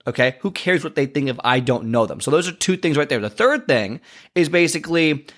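A man's voice: on the high side, big pitch swings, brisk, a bit bright. Casual-talking male fitness podcaster. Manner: conversational, many fillers and restarts. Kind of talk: casual motivational monologue.

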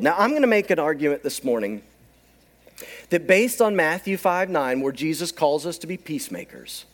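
Animated male preacher, lively pitch. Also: moderate pace. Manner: animated storytelling, acts out quoted voices. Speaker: pastor. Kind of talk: sermon.

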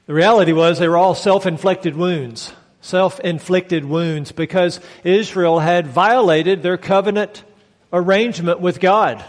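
A high-voiced man preaching from the pulpit of a church sanctuary. He delivers his sermon emphatically and draws the congregation into call-and-response. A long hall reverb trails every phrase. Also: unhurried. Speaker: pastor.

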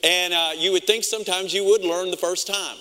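A middle-aged pastor preaching a sermon, telling stories in an animated way and acting out his own reactions. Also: sits high, brisk. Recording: long reverb of a large hall.

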